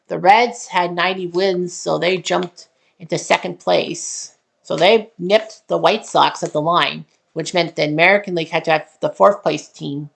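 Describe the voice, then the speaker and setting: Woman host, low gravelly voice, loose thinking-aloud explainer who stops to correct herself. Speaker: channel host. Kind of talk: casual walkthrough of a simulated sports tournament.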